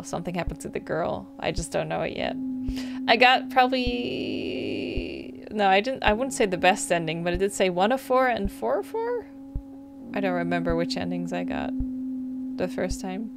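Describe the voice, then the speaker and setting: Casual, gravelly-voiced woman gamer. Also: lowish voice, sing-song, moderate pace. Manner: casual, blunt, swears freely. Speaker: gaming video host. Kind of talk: casual gameplay commentary.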